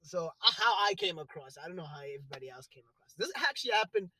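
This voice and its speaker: Young man, co-host, easy animated chat with laughs, high and bright, dry close sound. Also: rapid-fire, dry recording. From South Africa. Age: young adult. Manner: animated, laughs often, trails off into mumbles. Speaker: podcast co-host. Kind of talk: casual chat.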